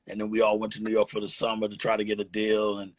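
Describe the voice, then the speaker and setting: A man's voice: fairly low pitch, monotone, quick pace, rough recording. A man in his fifties from Texas, telling stories in a rambling, casual way on a live phone stream. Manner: rambling, restarts and "you know" fillers. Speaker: host of a live chat. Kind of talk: casual storytelling chat. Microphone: phone on a live video stream.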